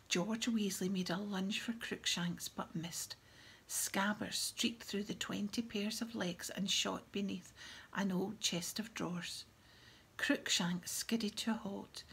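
Audiobook reader: woman, husky and gravelly, reads softly near a whisper. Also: mid-range voice. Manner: soft, half-whispered reading. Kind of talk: reading a novel aloud.

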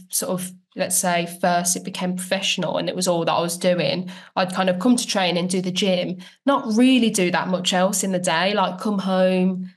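Chatty woman footballer, slightly low voice. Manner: chatty and reflective, many "like" fillers. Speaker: guest, professional footballer. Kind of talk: casual podcast interview.

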